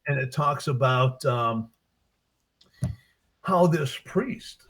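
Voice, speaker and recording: A man, a book author in a casual interview, retelling his short stories with lively acted-out character lines. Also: medium pitch, drawn-out words. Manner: animated storyteller, acts out characters' lines.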